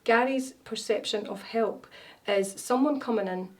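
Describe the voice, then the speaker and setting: A woman's voice: a little high, unhurried, recorded from a distance. Woman in her 40s chatting, lots of ums, a bit off mic. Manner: chatty, storytelling, many fillers and restarts. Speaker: wellness consultant guest. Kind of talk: casual interview chat.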